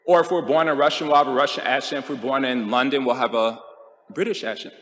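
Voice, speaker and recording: A man giving a conversational scripture class, telling stories with jokes and quick asides to the audience. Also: medium pitch, fairly bright tone, long reverb tail. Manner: conversational, joking, quick mock impressions. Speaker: temple speaker.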